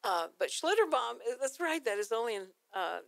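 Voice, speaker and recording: A woman's voice: on the high side, sing-song, fairly quick, gravelly, dry recording. An older woman, hosting a casual radio talk show in a chatty, teasing way.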